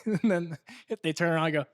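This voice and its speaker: A young American man co-hosting a podcast, telling stories in a casual, laughing, animated way. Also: fairly high pitch, brisk, no room sound, clean studio sound. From United States. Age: young adult. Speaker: co-host.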